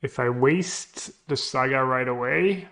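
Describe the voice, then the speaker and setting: A man streaming a card game, thinking his moves through aloud and trailing off into quiet mutters, with joking asides to chat. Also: medium pitch, takes it slowly. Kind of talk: thinking aloud while playing.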